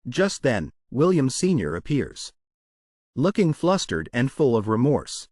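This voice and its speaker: Male narrator, mid pitch, animated contour, dry close sound; recap storytelling. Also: a little slow, no room sound.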